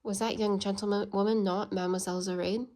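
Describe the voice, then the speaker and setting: A woman voicing a blunt, proud and sarcastic English gentleman in a storybook reading, with a scolding manner. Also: mid-range voice, level tone, fast, close to an everyday voice.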